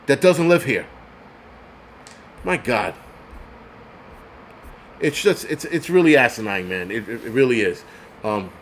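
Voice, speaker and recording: A man's voice: on the high side, slight background noise. Angry, foul-mouthed man ranting. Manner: angry, profane, heated ranting; repeats and restarts words when worked up. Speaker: host of a prepping channel. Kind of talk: livestream rant.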